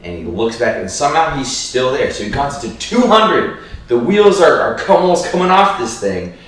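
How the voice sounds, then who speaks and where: A man's voice: mid-range voice, big pitch swings, moderate pace, fairly bright tone, far from the mic. A man co-hosting a comedy podcast, chatting casually and stumbling through restarts as he tells a joke. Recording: echoey room, off-mic.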